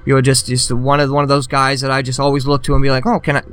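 Man doing an amateur ghost hunter, rapid talker, bright tense voice, flustered. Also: medium pitch, completely flat delivery, smooth, lightly acted. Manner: rambling, flustered, full of filler. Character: overexcited male amateur ghost hunter fan.

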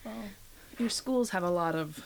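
A woman's voice: lowish voice, lively intonation, moderate pace, slight background noise. A middle-aged woman in casual podcast chat with her child, chatty and laughing often. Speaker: guest host, mother.

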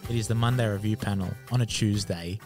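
A man's voice: on the low side, fairly even intonation, quick pace, music in the background. A young Australian man hosting a podcast, upbeat and encouraging in casual chat. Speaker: podcast host.

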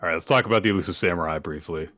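A man co-hosting a podcast, summarizing comic chapters in a measured, explanatory way. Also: low voice, pushed and bright, no echo. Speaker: podcast co-host. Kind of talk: casual chat, recapping comics.

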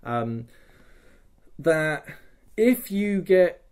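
A man's voice: on the high side, drawn-out words, smooth. Chatty man telling a rambling story. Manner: animated, swears casually, full of fillers like "like" and "okay?". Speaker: podcast host recounting a live-action role-play weekend. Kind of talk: casual storytelling chat.

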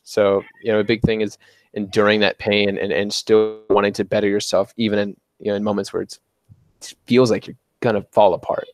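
A man's voice: lowish voice, fast talker. Young man telling a story casually. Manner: animated retelling with quoted dialogue. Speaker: podcast guest.

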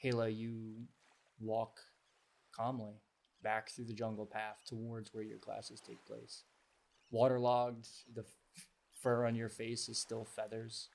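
A man's voice: fairly low pitch, completely flat delivery, slow, gravelly, darkish tone. A man narrating a tabletop game as game master, describing scenes in detail. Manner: descriptive, evenly paced narration.

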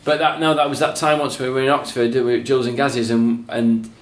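A man's voice: mid-range voice, flat delivery, fast talker, reverberant. A man telling funny stories about his dog in casual chat, laughing often and swearing freely.

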